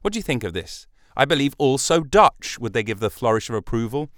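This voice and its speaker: A man's voice: medium pitch, big pitch swings, brisk, fairly bright tone, no echo, clean studio sound. A man hosting a comedy podcast, rambling through a solo monologue, cutting himself off and swearing as he goes. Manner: meandering, self-interrupting, sweary. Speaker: podcast host.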